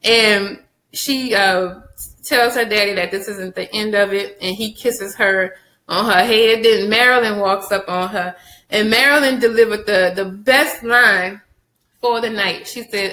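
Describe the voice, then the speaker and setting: Chatty woman doing a tv recap, bright slightly high voice, kinda echoey room. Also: measured pace. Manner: animated, chatty, laughs often, addresses viewers as y'all. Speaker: TV show reviewer. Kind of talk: casual episode recap to viewers.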